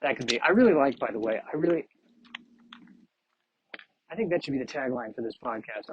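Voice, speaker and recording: A man's voice: mid-range voice, animated, fairly quick, long pauses, slight background noise. A man hosting a solo podcast while walking outdoors, talking in meandering, self-deprecating musings. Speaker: podcast host. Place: outdoors on a street. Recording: muffled lo-fi outdoor recording.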